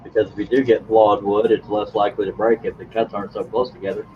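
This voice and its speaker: A man's voice: lowish voice, little pitch movement, fast talker. A man hosting a casual live stream, chatting to viewers in a folksy, joking way. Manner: folksy, joking, chuckles often. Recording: slightly dull, faint background noise.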